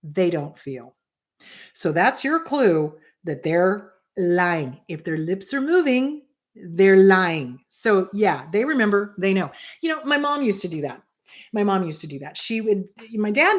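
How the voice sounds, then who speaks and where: A woman therapist hosting her own show, talking casually and bluntly to viewers, often pausing to ask them whether they follow her point. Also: medium pitch, very animated. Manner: emphatic, blunt, repeats rhetorical questions to the audience; acts out quoted voices in passing. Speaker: therapist and host. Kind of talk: casual advice talk to viewers.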